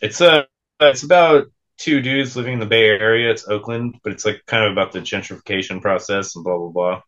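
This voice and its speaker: A man's voice: on the low side, brisk, fairly bright tone, lo-fi sound. A young man co-hosting a casual podcast, laid-back, swearing freely and laughing often. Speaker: podcast co-host.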